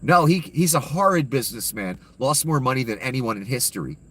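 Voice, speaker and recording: A man's voice: medium pitch, lively intonation, a little fast, fairly bright tone. A man giving an angry, profane and sarcastic rant of political commentary.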